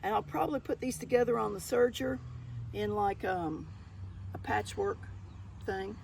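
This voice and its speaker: An older Southern woman with a gravelly, creaky edge to her voice talks viewers through her yard sale finds. She is chatty and folksy and keeps calling her audience y'all in a relaxed show-and-tell haul. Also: medium pitch, normal speed, a little hiss or hum, rough recording. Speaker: thrift haul vlogger.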